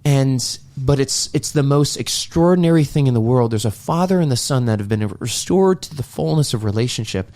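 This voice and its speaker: A man's voice: medium pitch, lively intonation, fairly quick, hardly any pauses, mellow. A man with a mid-range voice co-hosts a podcast and earnestly retells a film scene. He talks in a reflective, heartfelt way. He acts out the lines he quotes. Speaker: podcast co-host.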